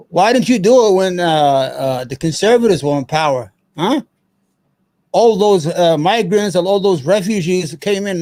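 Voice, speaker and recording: A man's voice: a little high, darkish tone. A man hosting his own show, giving angry, profane, emphatic political commentary. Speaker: show host.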